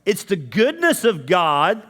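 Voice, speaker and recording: High-voiced man preaching a sermon. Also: huge pitch swings, takes it slowly, fairly bright tone. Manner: conversational, addresses the congregation directly. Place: church.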